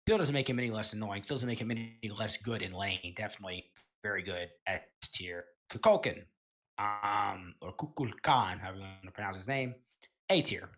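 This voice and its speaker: A man's voice: fairly low pitch, a little fast. A man giving casual, rambling commentary on a gaming tier list, full of fillers and self-corrections and the odd swear word. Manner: relaxed, offhand, occasional swearing.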